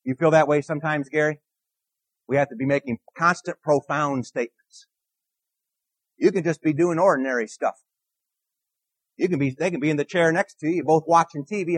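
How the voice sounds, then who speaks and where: High-voiced minister, dry close sound. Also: male voice, brisk, long pauses, no room sound. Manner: earnest, repeats key phrases, asks the congregation questions. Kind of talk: conversational sermon.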